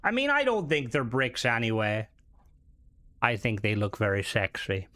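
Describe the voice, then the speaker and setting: A young man with an Americanized Irish accent gives live gameplay commentary, rambling casually and swearing freely as he chats with viewers. His voice sits in a middle pitch and sounds dry and close to the mic. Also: wildly swooping pitch, moderate pace, bright, forceful tone, dry recording. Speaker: game streamer.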